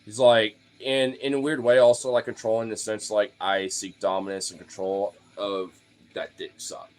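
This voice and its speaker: A man's voice: on the low side, flat delivery, moderate pace. A man streaming to his followers in a casual, rambling rant, swearing freely, leaning on fillers and often laughing. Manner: profane, loose, filler-heavy with frequent laughs.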